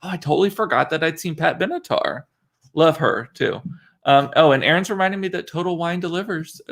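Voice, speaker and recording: A man's voice: fairly high pitch, a little fast, vocal fry, fairly bright tone. A man from South Texas, chatting casually and rambling on his livestream. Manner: chatty and rambling, with many fillers and restarts. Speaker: livestream host. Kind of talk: casual live-stream chat.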